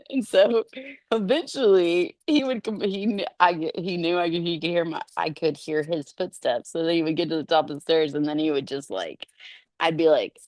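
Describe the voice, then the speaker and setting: A woman's voice: fairly low pitch, moderate pace, darkish tone, no echo. A middle-aged woman telling stories in a casual chat. She laughs often and acts out the quotes. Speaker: podcast guest.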